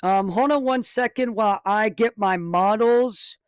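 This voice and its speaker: A man with a high voice speaks a little slowly as he casually covers a live weather stream from his home studio. Excitable and rambling, he corrects himself along the way, and the close desk mic captures no room sound.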